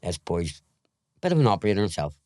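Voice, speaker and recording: A middle-aged Northern Irish man with a very low voice tells his story candidly, rambling and swearing now and then as he acts out past exchanges. The sound is close and dry, with no room around him. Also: big pitch swings, fast talker, warm tone, no echo. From Northern Ireland. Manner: rambling, frank, swears, retells scenes in dialogue. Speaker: podcast guest.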